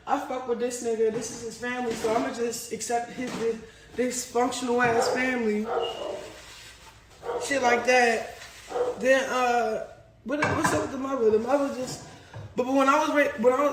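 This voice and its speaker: A young woman with a high voice tears through a heated, swear-filled story. She acts out what others said as she goes, recorded in an echoey room with a faint hiss behind her. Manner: profane, rapid, animated, acts out quotes. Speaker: reality star telling her side.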